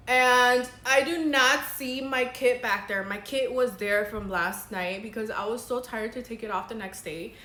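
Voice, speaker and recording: A woman's voice: a little high, a little slow, few pauses, pushed and bright, roomy sound, a little hiss or hum. A young woman, a makeup artist, telling a dramatic story in casual, chatty vlog style. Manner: chatty, dramatic, says girl a lot.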